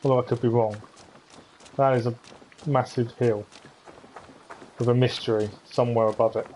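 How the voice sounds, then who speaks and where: A man's voice: mid-range voice, steady tone, normal speed, mellow, slight background noise, poor audio. A man chatting with viewers as he thinks aloud during a live-stream gameplay commentary.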